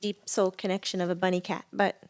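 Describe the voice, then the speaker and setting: A woman's voice: lowish voice, flat delivery, brisk. A woman co-hosting a casual podcast, telling stories animatedly and laughing often. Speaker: podcast co-host and medium. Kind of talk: casual chat.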